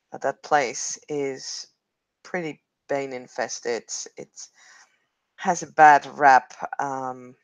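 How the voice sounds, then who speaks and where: A game master narrating a tabletop game over a video call, chatty and quick to laugh. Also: mid-range voice, a bit bright, dry recording, dull audio. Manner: giggly, chatty.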